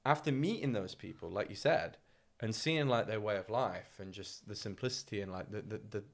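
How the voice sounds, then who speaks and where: Man, low voice, from the UK, podcast co-host, casual and animated, swears a lot. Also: normal speed. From United Kingdom. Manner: animated, swearing, acts out quoted people. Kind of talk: casual chat.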